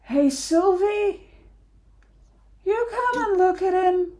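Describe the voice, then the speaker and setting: A woman's voice: mid-range voice, takes it slowly, mellow, natural voice. Woman doing a young male orc. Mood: shouting.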